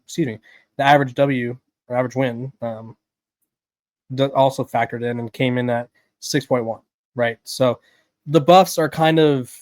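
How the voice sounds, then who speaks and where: A man hosting a college football podcast, giving casual sports analysis in quick bursts and often checking in with "right?". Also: mid-range voice, no echo. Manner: talks in rapid bursts, lots of "right?" and restarts. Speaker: podcast host.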